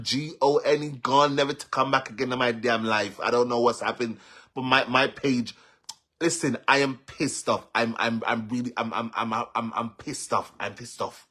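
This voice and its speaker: A Jamaican man venting on a live stream, agitated, with stammering repeats and swings between loud outbursts and low muttering. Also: slightly rough. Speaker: social media personality.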